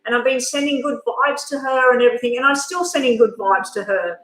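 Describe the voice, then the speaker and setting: A woman's voice: a little high, a little fast, fairly bright tone. A woman hosting a live tarot reading stream, chatting candidly and emotionally to her viewers. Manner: addresses viewers directly. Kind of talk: casual live-stream chat and card reading. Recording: echoey room.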